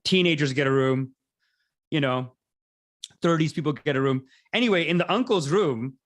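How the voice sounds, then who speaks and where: A man's voice: high-pitched, fairly bright tone. A man hosting a podcast, riffing in a rambling, tangent-prone comedic monologue. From Canada.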